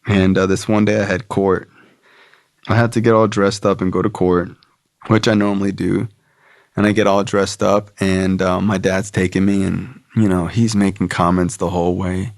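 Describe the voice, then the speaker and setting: A man's voice: sits low, gravelly, no room sound, clean studio sound. A man, a podcast guest, telling a personal story casually, rambling with many filler words.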